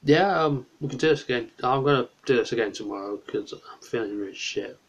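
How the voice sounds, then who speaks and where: A man's voice: mid-range voice, a little fast, lo-fi sound. Tired man rambling on a livestream. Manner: rambling, drifts off topic, answers chat. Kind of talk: late-night rambling livestream chat. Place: small bedroom, on the bed.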